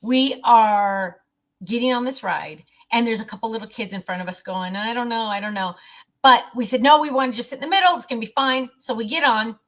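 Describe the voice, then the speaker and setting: A middle-aged woman telling a family story in a casual vlog, animated and quick to laugh. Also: on the high side. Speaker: vlogger.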